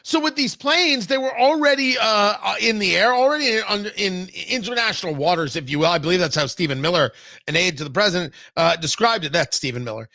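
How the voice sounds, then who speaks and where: A bright, high-pitched male talk radio host with a very lively, swooping delivery. He is sarcastic and opinionated, punching some lines and muttering others. His voice sounds dry and close to the mic. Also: fast, no echo. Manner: animated, sarcastic, swings between loud jabs and low asides. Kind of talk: opinionated political commentary.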